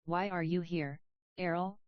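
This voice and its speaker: Woman reading as a defiant, insistent activist mother; low pitch, dry and slightly dull sound. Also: fairly even intonation, measured pace, no room sound, close to an everyday voice. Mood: flat.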